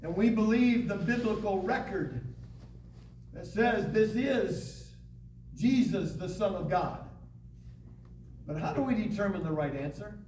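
High-voiced man teaching a Bible lesson. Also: lively intonation, darkish tone. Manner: reads scripture aloud with dramatic pauses. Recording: echoey room, distant mic, faint hiss.

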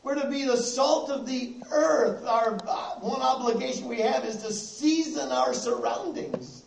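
A man's voice: very high-pitched, big pitch swings, gravelly, a little hiss or hum. Male preacher at the pulpit, caught from a distance in a reverberant sanctuary, leaning on repetition. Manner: repeats key phrases, slows down for emphasis. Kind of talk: sermon. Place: church sanctuary with congregation. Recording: echoey, distant room mic.

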